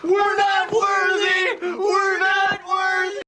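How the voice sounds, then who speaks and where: A man co-hosting a live stream who talks in an animated way and breaks into shouted reactions. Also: very high voice, takes it slowly, over a noisy crowd.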